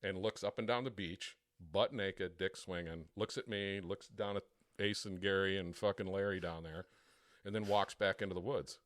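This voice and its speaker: Man, very low voice, profane casual storytelling, podcast host, dead dry sound. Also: moderate pace, dry recording. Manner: crude, profane storytelling with lively imitations.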